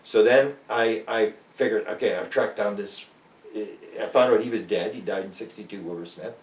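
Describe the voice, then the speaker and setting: An older Canadian man, a UFO researcher appearing as an interview guest, tells stories casually at a moderate pace. He's animated, acting out the people he quotes with big jumps in pitch. The mic is distant and the room sounds roomy.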